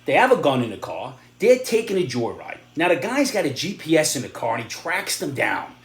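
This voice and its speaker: A middle-aged man in a blunt, sarcastic opinion monologue, now and then rising to loud outbursts. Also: fairly high pitch, very animated, fairly quick, creaky, reverberant. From New York area. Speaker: vlogger giving opinions and advice.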